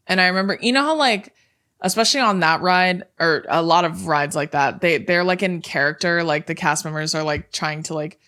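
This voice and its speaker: A woman's voice: on the low side, brisk, pushed and bright. A young woman co-hosting a podcast, telling a story with lots of energy and swearing freely, acting out the yelps and screams of the people in it. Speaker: podcast co-host. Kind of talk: casual storytelling chat.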